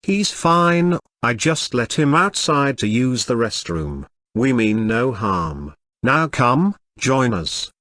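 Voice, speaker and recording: A man's voice: medium pitch, sing-song, slow, few pauses, a bit bright, no room sound, clean studio sound. A man voicing a tiny, polite male goblin butler with a Scottish accent. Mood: reassuring.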